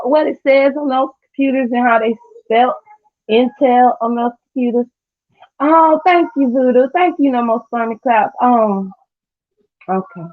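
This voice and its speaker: A young woman, chatting casually with viewers on a livestream in a sassy, trash-talking way with loud cackling laughs. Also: on the high side, dry recording. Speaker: livestream host. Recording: dull lo-fi stream audio.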